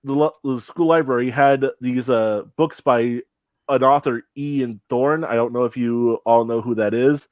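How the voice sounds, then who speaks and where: A young man talks loosely on a podcast, circling back with fillers and false starts. His voice sits at an ordinary pitch. The sound is dry and close, with no room around it. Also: fairly even intonation, measured pace, a little mellow, dry recording. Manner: rambling, many restarts and fillers. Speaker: podcast co-host. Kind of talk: casual chat.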